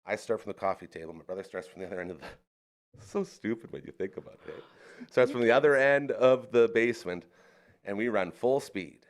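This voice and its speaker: A man in casual storytelling chat on a live podcast, animated and acting out the people in his stories. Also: on the low side, brisk.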